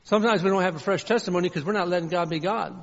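A man's voice: high voice, racing, a bit bright. A man preaching a sermon as pastor, fervent and repetitive, often voicing prayers aloud. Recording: dull, reverberant hall sound.

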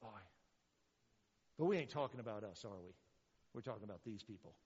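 A man preaching a sermon as pastor, animated, with rhetorical questions and sarcastic asides. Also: on the low side, a little fast, slightly rough, in a large hall, lo-fi sound.

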